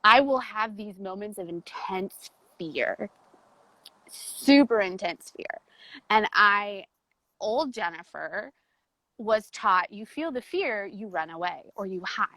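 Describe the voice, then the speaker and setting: A woman with a mid-range, animated, pushed and bright voice talks as a guest in a casual interview, openly and emotionally describing her personal change as a coaching client. She tells her story fast and peppers it with "like"; the low-quality recording has no room sound.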